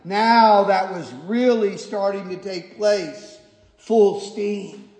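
A male pastor preaching a sermon, emphatic and repetitive, moving from quiet stretches to shouted points. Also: sits high, steady tone, takes it slowly. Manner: emphatic, repeats key phrases, shifts from quiet to shouting. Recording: echoey hall.

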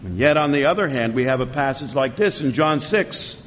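A pastor preaching a sermon with fervent emphasis and sudden loud rises in his voice. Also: expressive, a little fast. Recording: long hall reverb, faint rumble.

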